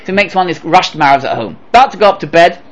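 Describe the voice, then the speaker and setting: A man giving a Torah lecture as a rabbi, animated, asking rhetorical questions and acting out little dialogues. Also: sits high, rapid-fire, dull audio.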